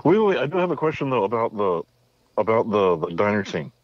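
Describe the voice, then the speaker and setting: A man with a fairly low voice asks questions about a film's plot in a casual podcast chat, his sentences drifting as he thinks. The sound is dry and close but a little dull, like a lo-fi mic. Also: big pitch swings, brisk, no echo. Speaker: podcast co-host. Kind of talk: casual movie discussion.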